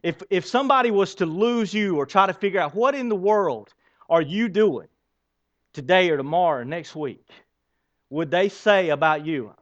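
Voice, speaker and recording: A man's voice: fairly high pitch, animated, normal speed, pauses often, muffled recording. A man preaching a sermon as a pastor, speaking straight to the congregation and asking it rhetorical questions.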